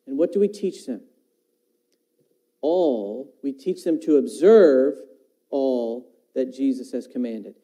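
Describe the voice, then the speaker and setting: A man's voice: mid-range voice, slow pace, pauses often, warm tone, low-quality recording. A man preaching a sermon, quoting scripture and asking his listeners questions. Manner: talks about teaching his own children.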